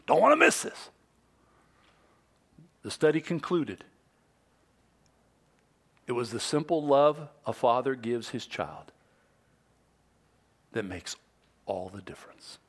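A man's voice: fairly high pitch, lively intonation, measured pace, long pauses, slightly rough. Middle-aged man preaching conversationally. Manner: conversational preaching with quoted asides, dropping to soft whispers. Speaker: pastor. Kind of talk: sermon.

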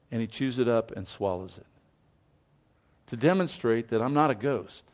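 A man's voice: medium pitch, animated, normal speed, long pauses, darkish tone. A middle-aged man preaching a sermon as pastor, telling stories with animation and acting out the voices of people he quotes.

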